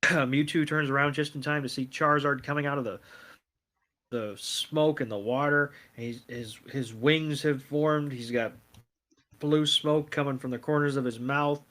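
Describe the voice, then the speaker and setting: A man co-hosting a casual podcast, recapping scenes in a rambling way with dry, deadpan quoted lines. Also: mid-range voice. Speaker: podcast co-host.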